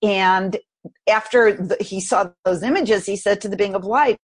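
Podcast guest: a woman with a husky, breathy voice, lively and expressive as she tells a story, pitch in the middle range. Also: normal speed. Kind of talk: personal storytelling in conversation.

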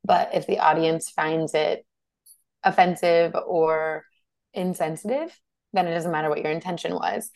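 A woman's voice: deep voice, fairly even intonation, measured pace, darkish tone, no echo. A woman from Washington State co-hosting a podcast in casual chat, loose and chatty with digressions. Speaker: podcast co-host.

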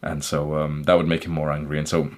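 Deep-voiced man telling a hard story. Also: little pitch movement. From England. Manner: candid, intense, halting with restarts. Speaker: podcast host. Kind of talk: personal storytelling monologue.

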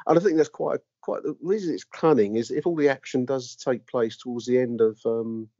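A man's voice: mid-range voice, brisk, warm tone, no echo, highs cut off. A man hosting a casual football podcast, rambling with lots of fillers and restarts. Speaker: podcast host.

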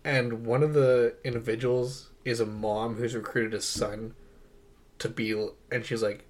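The speaker is a young podcast co-host talking about a film with enthusiasm, rambling along and laughing a lot. His mid-range voice has a flat delivery, and he is unhurried.

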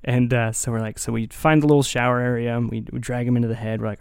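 A man's voice: mid-range voice, level tone, quick pace, creaky, few pauses, smooth, dry recording, studio quality. A young man hosting a casual chat, telling a story in a laid-back way, laughing often and swearing casually. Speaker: podcast host.

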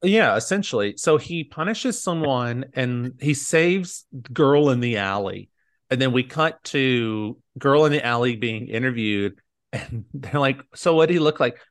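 A man's voice: medium pitch, animated, measured pace, clear, resonant tone. Rambling casual male podcast host. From United States. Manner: rambling, many "like"s, acts out quotes. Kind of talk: casual chat recapping a movie.

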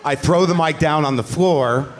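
A man hosting a live podcast on stage, telling a story in an animated, profane and self-deprecating way. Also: fairly high pitch, moderate pace. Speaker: podcast host and comedian. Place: on stage at a live comedy show.

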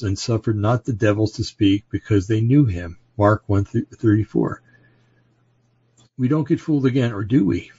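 A man hosting a podcast, reading scripture aloud and commenting on it in a halting way, with fillers and self-corrections. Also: lowish voice, warm tone, breathy edge, no echo. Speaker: podcast host. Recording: dry, dull lo-fi recording.

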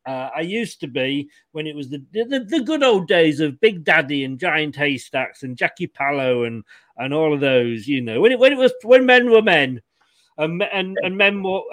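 A jovial man rambles through a casual chat, chuckling between his thoughts. His voice sits a little high for a man. The sound is dry and close, with no room echo. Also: fairly bright tone.

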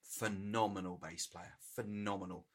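A man's voice: fairly low pitch, fairly even intonation, normal speed. A man co-hosting a drunken chat podcast, joking, swearing and giggling. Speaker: podcast co-host. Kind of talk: drunken casual banter.

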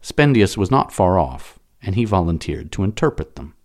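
A man reading a novel aloud as an audiobook narrator, dramatic and expressive. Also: deep voice, normal speed.

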